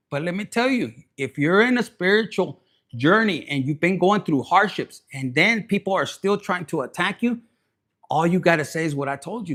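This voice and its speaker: High-voiced, blunt, profane man. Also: expressive, normal speed, a bit bright. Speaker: tarot reader. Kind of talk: casual tarot reading to camera.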